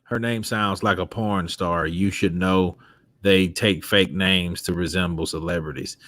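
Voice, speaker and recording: A man hosting a casual boxing talk who is animated, laughs often and swears freely. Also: deep voice, measured pace, dry recording. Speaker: host. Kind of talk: casual chat.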